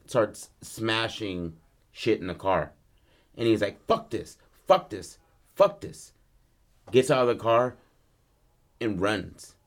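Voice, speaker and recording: A man casually pitching a film story, acting out the characters' lines, swearing freely and rambling with restarts. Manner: loose, rambling, many restarts and fillers.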